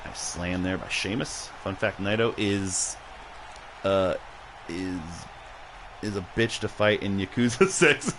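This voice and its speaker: There's a noisy background as this man, sounding a little tipsy and punchy, casually calls a video game match on his livestream, laughing, swearing, joking and rambling. His voice sits low, and he takes it slowly.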